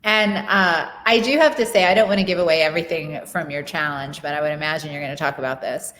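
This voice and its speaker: A woman's voice: sits low, fast, a bit bright, slight background noise. A woman hosting a podcast, chatting with her guest over a video call. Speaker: podcast host. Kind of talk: casual interview chat.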